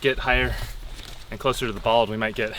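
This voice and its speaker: A man's voice: fairly low pitch, fairly even intonation, a little fast, a bit bright, slight background noise. Enthusiastic man explaining trail plants. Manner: enthusiastic, explanatory, laughs often. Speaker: hiker identifying plants. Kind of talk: casual trail chat. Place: outdoors on a forest trail.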